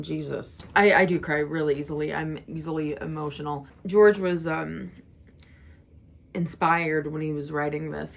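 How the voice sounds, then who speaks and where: A woman's voice: low voice, vocal fry. A young woman chatting casually while reacting to an album, giggly and teary. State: tearful. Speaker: music reaction vlogger. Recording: music playing loudly behind. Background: music.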